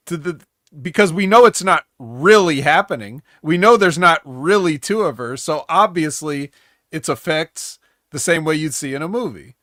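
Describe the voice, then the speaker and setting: Sarcastic higher-voiced ranting man. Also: fairly bright tone, dry recording, clean studio sound. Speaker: podcast co-host. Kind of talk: casual chat.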